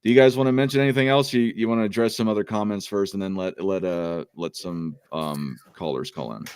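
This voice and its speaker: Male stream moderator, smooth and a bit low, hesitant with lots of fillers. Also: a little mellow, dry recording, clean studio sound. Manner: halting, filler-heavy. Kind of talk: casual live-stream chat.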